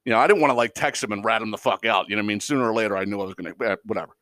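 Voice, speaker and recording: A man's voice: fairly low pitch, very fast, a bit bright, dry recording, clean studio sound. A man hosting a podcast, telling a long story in a casual, profane, exasperated way and laughing as he goes. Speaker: podcast host.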